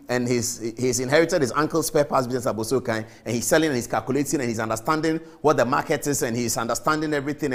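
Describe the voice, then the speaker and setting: A man with a Ghanaian accent hosting a TV commentary show, impassioned and emphatic, hammering his points with repetition. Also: a little high. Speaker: TV show host. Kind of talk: studio commentary.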